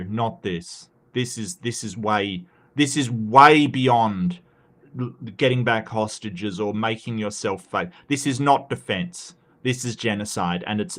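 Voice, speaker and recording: An Australian man with a fairly low, slightly bright voice runs his own livestream in a loose, casual style. Speaking with heated conviction, he keeps tripping over his words, restarting and repeating himself as he pushes his point.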